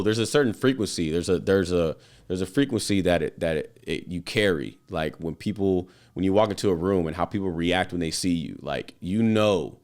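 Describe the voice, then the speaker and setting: On his own podcast, a man delivers a casual motivational monologue full of slang, fillers and swearing. His voice sits low, smooth and darkish.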